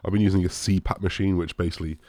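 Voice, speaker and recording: A young man with an extremely low, deep voice rambles through viewer questions in an easygoing chat, leaning on "like" and dropping swears. The sound is close and dry, with no room around it. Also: steady tone, racing, darkish tone, dry recording. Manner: rambling, lots of "like", swears casually. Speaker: bodybuilder answering viewer questions. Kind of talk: casual Q&A chat.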